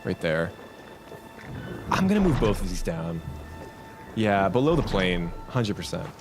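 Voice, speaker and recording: A man's voice: deep voice, unhurried, music in the background. A man chatting casually on a live stream while playing a game, rambling and talking to his chat. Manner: rambling, lively, talks to himself and chat.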